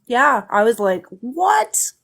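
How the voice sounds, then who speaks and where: A woman's voice: mid-range voice, normal speed. A woman guest in a casual chat, talking bluntly and swearing casually as she tells her story.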